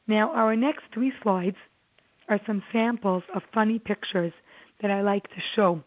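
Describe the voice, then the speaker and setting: A woman therapist giving a presentation to parents, earnest and lively as she tells stories and acts out what clients say. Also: mid-range voice. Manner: earnest, animated storytelling with acted-out quotes. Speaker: child therapist giving a talk. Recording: tinny phone-like audio.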